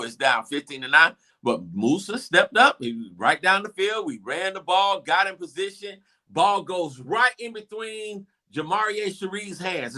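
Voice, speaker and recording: A man, hosting a show and excitedly retelling a football game, acting out the crowd's reactions. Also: sits high, normal speed. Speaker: show host. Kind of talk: animated game recap.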